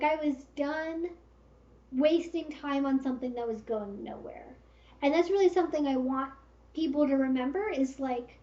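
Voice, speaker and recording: A woman's voice: high-pitched, a little mellow. A woman hosting a casual livestream Q&A, giving frank, direct advice with lots of fillers. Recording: roomy, slightly dull stream audio.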